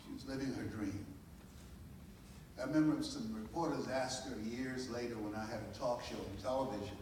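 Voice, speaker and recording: An older American man giving a live inspirational speech, telling a story with dramatic pauses and building to a preacher-like cadence. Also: medium pitch, background noise. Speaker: motivational speaker. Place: large hall with a live audience. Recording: echoey hall from far off.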